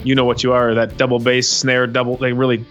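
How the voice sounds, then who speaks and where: A man's voice: medium pitch, completely flat delivery, fast talker, fairly bright tone. A man hosting a casual music podcast, talking in an enthusiastic, rambling way with many restarts.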